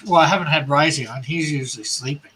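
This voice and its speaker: A man's voice: fairly high pitch, fast talker, bright, forceful tone, a little hiss or hum, poor audio. A man hosting a casual comics livestream, explaining things in a rambling way with fillers and restarts.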